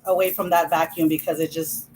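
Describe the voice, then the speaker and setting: A woman's voice: low-pitched, little pitch movement, fairly quick, a little mellow, a little hiss or hum, poor audio. A woman vlogger telling a childhood story in a chatty, laughing way, full of "you know". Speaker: vlogger host. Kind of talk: casual storytelling while eating.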